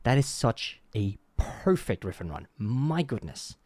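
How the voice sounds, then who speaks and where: A man's voice: mid-range voice, sing-song, a little slow, darkish tone, no room sound. A young man hosting a music reaction, chatting casually and humming the instrument parts he hears. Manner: chatty, hums instrument sounds, self-correcting. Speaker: reaction channel host.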